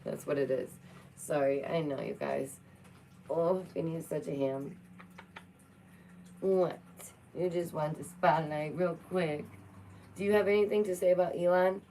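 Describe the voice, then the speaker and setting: A young woman chats playfully through the news, her voice sitting on the low side. Faint noise hums behind her. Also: unhurried, gravelly, long pauses, dark tone, rough recording. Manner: playful, chatty, talks to her cat between reading. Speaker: vlogger. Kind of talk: casual chat reacting to news.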